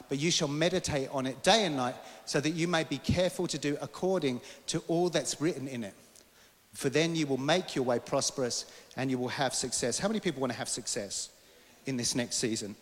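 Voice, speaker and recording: A man preaching a sermon, reading scripture aloud and rising into loud, emphatic passages. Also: fairly high pitch. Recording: long hall reverb.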